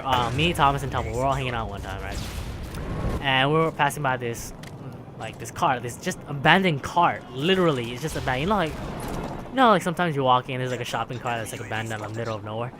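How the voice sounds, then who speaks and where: A man's voice: mid-range voice, background noise. A young man telling a casual story, rambling and filling it with "like" and "right?", with music behind. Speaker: vlogger.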